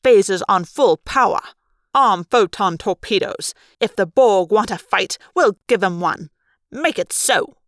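A woman voicing a joking, excitable teenage boy sidekick in a storybook reading. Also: medium pitch, unhurried, no room sound, lightly acted. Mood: mock commanding.

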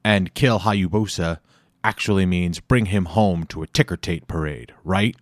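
A man's voice: low voice, unhurried, no room sound, clean studio sound. A man voicing a grim, vengeful young male hero who speaks in an icy, clipped, menacing way.

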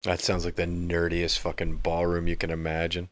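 A man's voice: low-pitched, completely flat delivery, moderate pace. Sardonic swearing man on a podcast. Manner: sardonic, swears, reacts with disbelief. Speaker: podcast co-host. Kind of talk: casual chat.

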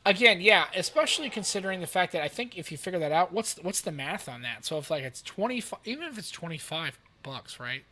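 A man co-hosting a casual tech podcast, talking in an animated, rambling way and throwing in quick asides to the live chat. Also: high-pitched. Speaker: podcast co-host.

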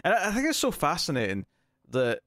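A man's voice: a little high, wildly swooping pitch, fairly quick, a bit bright, no room sound, studio quality. A man co-hosting a movie podcast, chatting casually and animatedly, laughing often and restarting his sentences. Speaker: podcast co-host. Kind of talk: casual movie review chat.

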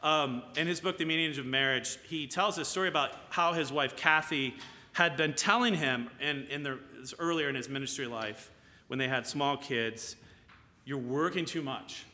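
A man's voice: fairly high pitch, normal speed, bright, forceful tone. A man preaching a sermon in a conversational way, often checking in with his listeners by asking "right?". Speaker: pastor. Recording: long hall reverb.

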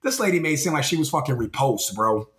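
A man's voice: medium pitch, fast, roomy sound. A man co-hosting a podcast in casual chat, swearing a lot and repeating his words as he talks. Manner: profane, animated, repeats words. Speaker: podcast co-host.

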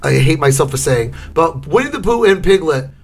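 A middle-aged man co-hosting a podcast, chatting casually and acting out scenes in loud, shouted bursts. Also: on the high side, expressive, brisk, vocal fry. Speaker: podcast co-host. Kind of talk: casual chat.

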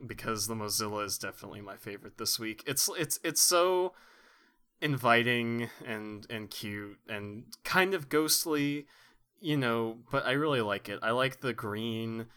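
A man's voice: medium pitch, lively intonation, measured pace, bright, forceful tone, smooth. A man co-hosting a podcast, chatting casually and rambling in a mock-sincere, earnest way. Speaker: podcast co-host. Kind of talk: casual comedic chat.

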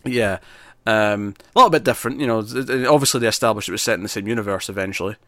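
A man's voice: fairly low pitch, fast talker, pushed and bright, dry recording, studio quality. Rambling man chatting about films. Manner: rambling with many restarts and fillers. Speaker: podcast co-host. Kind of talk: casual film-list chat.

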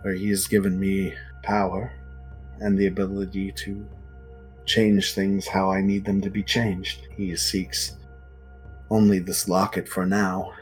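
A man voicing a gravelly dark war priestess. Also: low-pitched, monotone, unhurried, soft background music, low-quality recording. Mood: cold.

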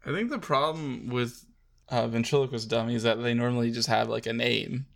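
Man co-host, gravelly fry in the voice, dry wit. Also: mid-range voice, fairly quick. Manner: dry wry remarks, laughs often. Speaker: podcast co-host. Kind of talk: casual chat.

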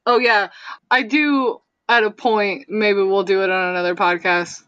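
A woman's voice: medium pitch, steady tone, a little slow, fairly bright tone, smooth, no room sound, dull audio. A woman co-hosting a podcast in casual chat, enthusiastic, laughing and swearing. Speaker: podcast co-host.

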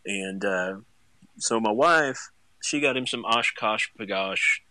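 A young man, a stay-at-home dad, telling a funny story in casual chat, getting animated and jumping high when he acts out his own panic. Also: slow, dry recording.

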